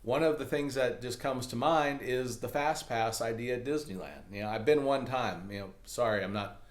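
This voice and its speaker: A man's voice: medium pitch, normal speed. A man coaching viewers on adding humor to speeches, talking casually with upbeat, jokey, self-deprecating asides. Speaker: comedy and speaking coach. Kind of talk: casual instructional talk to camera. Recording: echoey room.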